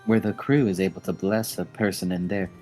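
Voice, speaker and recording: A man's voice: low-pitched, steady tone, fairly quick, darkish tone, faint music behind. A man talking casually as a tabletop game player, hesitant and often restarting his sentences.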